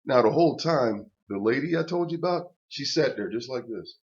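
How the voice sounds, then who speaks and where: A man's voice: medium pitch, lively intonation, brisk, lo-fi sound. An older man telling a personal story as a casual, profane rant, blunt and stammering through restarts.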